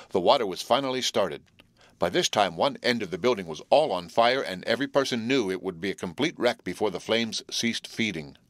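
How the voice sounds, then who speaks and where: A man reads an audiobook in a low, steady voice. His delivery is clear and even. The sound is dry and close. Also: no room sound. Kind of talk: audiobook narration.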